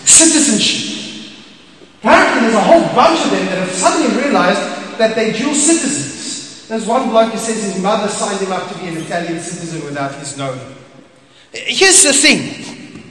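A man preaching a sermon as pastor, animated and emphatic with playful asides. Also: high voice, fairly quick, slight background noise. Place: church hall. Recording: echoey hall, faint ambience.

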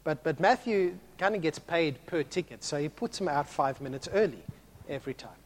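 Animated high-voiced preacher. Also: male voice, normal speed, a little hiss or hum. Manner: animated, swings from hushed to loud, acts out voices. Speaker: pastor. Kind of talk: sermon.

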